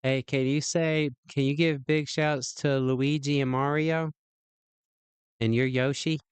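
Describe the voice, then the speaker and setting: A man's voice: medium pitch, fairly even intonation, unhurried, clear, resonant tone, no echo. A man hosting a livestream, chatting playfully and rambling with many restarts. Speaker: livestream host. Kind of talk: casual stream chat.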